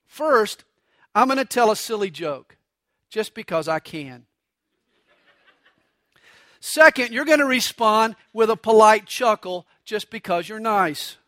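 A man's voice: high-pitched, animated, takes it slowly, long pauses, pushed and bright, dry recording, studio quality. A man preaching a sermon, mixing stories and jokes with acted voices for quotes. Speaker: pastor.

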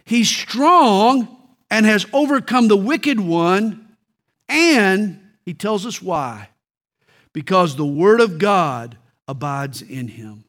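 A middle-aged male pastor delivering a sermon, telling stories and slowing down to stress key points. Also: high voice, a bit bright.

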